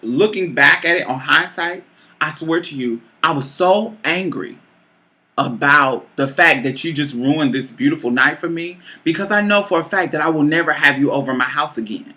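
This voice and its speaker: A woman in her late twenties telling a personal story to camera, bluntly and with heavy profanity, swinging between loud outbursts and low mutters. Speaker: vlogger. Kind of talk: storytime monologue.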